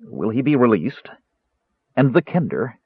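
A nervous cleric stammers and speaks meekly, as a male narrator puts him on. His voice is husky and the recording is dry and thin like a phone line. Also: mid-range voice, very animated, a little slow, no room sound, pitched above the performer's own voice, heavily acted. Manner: stammering, meek. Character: nervous, meek middle-aged human cleric.

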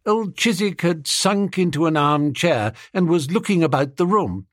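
A man reading a comic novel in the first person, in a jaunty, animated storytelling manner. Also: a little high, moderate pace, hardly any pauses, no echo, studio quality. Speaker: audiobook narrator.

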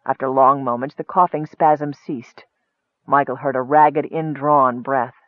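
A man giving steady, expressive scripted narration of a fantasy novel. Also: mid-range voice, unhurried, no room sound. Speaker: audiobook narrator. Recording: tinny phone-like dry sound.

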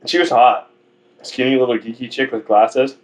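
A man's voice: mid-range voice, fairly even intonation, moderate pace. A man co-hosting a podcast in crude, joking casual banter, swearing freely. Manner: profane, joking, acts out voices in quotes. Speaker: podcast co-host. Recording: dull lo-fi sound.

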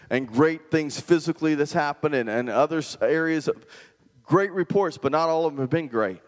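Male pastor, conversational sermon, slightly high voice, long hall reverb. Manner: conversational preaching, asks the congregation questions.

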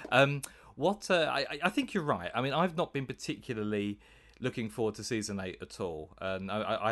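A man's voice: lowish voice, fairly bright tone. A man co-hosting a casual podcast chat, rambling and hesitant, laughing easily. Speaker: podcast co-host.

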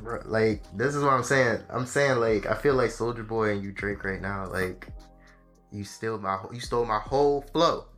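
A man's voice: on the low side, fairly even intonation, normal speed, a bit bright, soft background music. A young adult man co-hosting a casual podcast with his fiancée, laid-back and amused, with slangy talk. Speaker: podcast co-host. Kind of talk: casual couple podcast chat.

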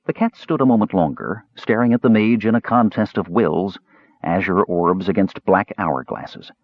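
A man narrating a fantasy audiobook in an expressive storytelling manner. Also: low-pitched, normal speed, dry recording, muffled recording.

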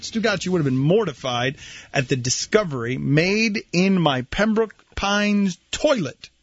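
A man hosting a radio show, telling animated self-deprecating stories in casual comedic banter. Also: high-pitched, measured pace, breathy edge, dry recording. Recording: muffled lo-fi radio studio audio.

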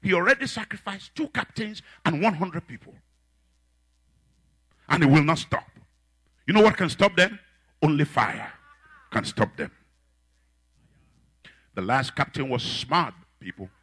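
Male preacher, sermon, bright husky voice, lively pitch, shouts then drops low. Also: measured pace, long pauses. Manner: swings from shouted chanting to low quiet storytelling.

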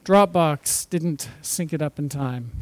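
Guy with a high voice doing a casual bible study, joking between verses, dry close sound. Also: slow, a little mellow, no room sound. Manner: chatty, jokey asides while reading scripture. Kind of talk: informal Bible teaching with slides. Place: church or fellowship hall.

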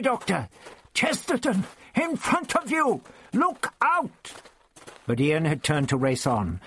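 Expressive male audiobook narrator. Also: mid-range voice, breathy edge.

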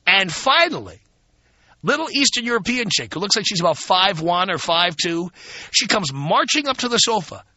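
A man's voice: high voice, sharp tone. A male talk radio host telling a frank, emphatic story to his listeners, casual and blunt, with many fillers. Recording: dull lo-fi radio broadcast.

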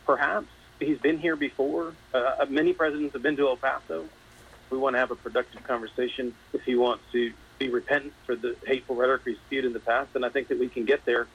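A man, a state representative in a live news interview, speaking earnestly and haltingly, still emotional. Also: fairly high pitch, husky, muffled recording. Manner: earnest, halting, repeats words.

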